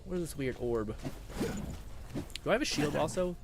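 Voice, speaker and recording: A man's voice: a little high, animated, normal speed, gravelly, noisy background. A man live-streaming a video game, chatting casually, swearing and laughing while he reads viewer comments. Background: game music.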